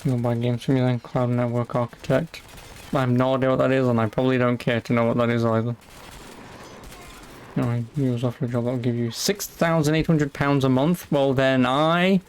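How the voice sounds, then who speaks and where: A man's voice: medium pitch, level tone, brisk, a little hiss or hum. A young British man streaming a game, casually bantering with his chat, sarcastic and swearing. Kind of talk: casual live-stream chat while playing.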